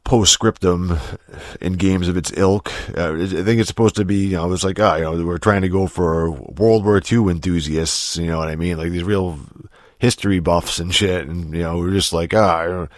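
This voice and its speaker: Podcast host, male, very low voice, dry close sound, rambling, profane, loose casual delivery. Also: steady tone, normal speed, no echo. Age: adult, getting older. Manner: profane, rambling, many restarts and fillers.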